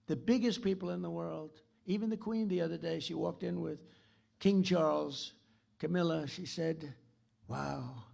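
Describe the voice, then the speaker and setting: Rambling boastful keynote speaker, a man with a very gravelly, somewhat high voice, repeating himself from a stage podium. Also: steady tone, normal speed, a little mellow. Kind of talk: political speech. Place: stage of a large theater.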